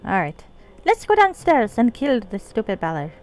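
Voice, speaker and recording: A woman's voice: on the high side, wildly swooping pitch, normal speed, a little mellow, rough recording. A woman giving casual gameplay commentary on her stream, wry and self-deprecating, swearing freely.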